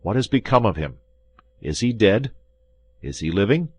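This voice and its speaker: A man's voice: on the low side, sing-song, normal speed, breathy edge, no echo, voice pushed up. Man doing a stern, menacing young swordsman. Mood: threatening. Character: angry, threatening young male swordsman.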